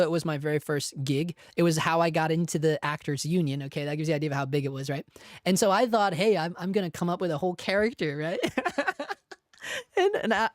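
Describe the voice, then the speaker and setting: A man hosting a casual livestream talk show, telling stories in a chatty, self-deprecating way with quick laughs. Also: fairly high pitch, dry recording, studio quality. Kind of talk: casual live chat, storytelling.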